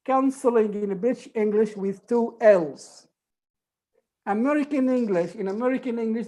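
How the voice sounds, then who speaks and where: A woman's voice: fairly high pitch, darkish tone. A woman teaching an online group English lesson, patiently repeating examples and explaining rules step by step.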